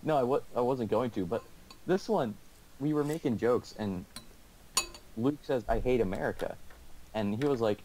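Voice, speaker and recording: A man's voice: mid-range voice, normal speed, pauses often, noisy background. A teenage boy casually telling a school story over a call, rambling with lots of restarts and laughs. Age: teens.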